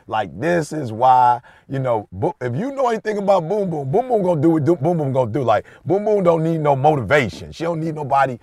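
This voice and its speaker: A middle-aged man co-hosting a podcast, chatting casually and telling an animated, slangy story with lots of emphasis. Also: on the high side, fairly quick, hardly any pauses, no echo. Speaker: podcast co-host. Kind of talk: casual chat.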